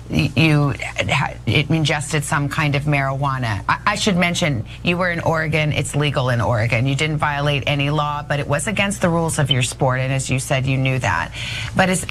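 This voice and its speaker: A woman interviewer with a very low voice lays out facts carefully, then asks a probing question in a broadcast interview. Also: a bit bright, slight background noise.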